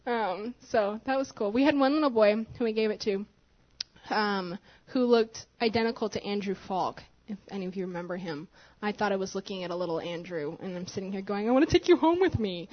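A woman sharing a testimony in church, telling her story in a giggly, animated way. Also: mid-range voice, brisk. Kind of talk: spontaneous testimony to a congregation. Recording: dull lo-fi church recording.

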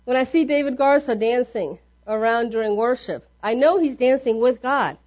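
A woman's voice: fairly high pitch, normal speed. A woman pastor preaching a sermon in a church, talking to the congregation in an easy, conversational way and often asking them questions. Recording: dull lo-fi sermon recording.

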